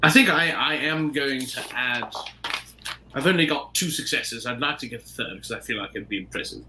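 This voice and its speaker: A man's voice: medium pitch, moderate pace, pushed and bright, a little hiss or hum, poor audio. A man playing a tabletop game, speaking politely in character and chatting about rolls. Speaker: player.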